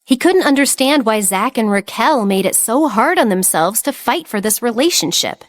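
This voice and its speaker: A woman narrating a romance audiobook in an even, measured reading. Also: on the high side, dry recording, clean studio sound. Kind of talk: scripted narration.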